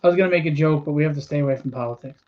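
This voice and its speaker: A chatty host from Queens with a high voice laughs easily and reads viewer comments aloud. His voice comes through a dull, lo-fi stream. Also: very fast. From Queens, New York. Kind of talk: casual chat.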